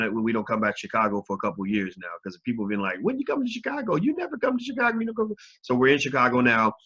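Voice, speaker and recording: This is a man with a lowish voice, hosting a casual livestream and talking straight to his viewers. He is frank and swears without holding back. The audio is dull and lo-fi. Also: pushed and bright. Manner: frank, talks to viewers directly, swears freely. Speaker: host of a live video channel.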